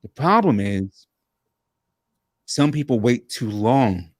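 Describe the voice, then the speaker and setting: A man, a guest coach, telling a story in an energetic, animated conversational way over a video call, full of quick restarts. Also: mid-range voice, dry recording. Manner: fast, animated talker with frequent restarts.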